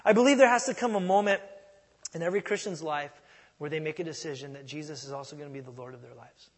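Middle-aged male pastor, slightly high husky voice, chatty sermon with loud punches, long hall reverb. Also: quick pace. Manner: conversational preaching, swings from soft asides to loud emphasis.

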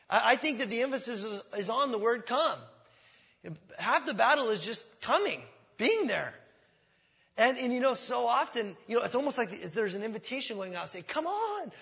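A man preaching a sermon as pastor, in a conversational style that swells loud on key words, coughing at times, in a church. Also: high-pitched, vocal fry. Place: church sanctuary.

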